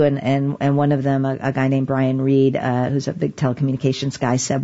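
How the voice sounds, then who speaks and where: A woman with a low voice recounts past events in an interview, her delivery animated and full of restarts. She is middle-aged. The recording sounds slightly muffled and lo-fi. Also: fairly quick, few pauses. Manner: animated, laughs often, many restarts. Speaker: guest, digital rights lawyer. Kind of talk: conversational interview storytelling.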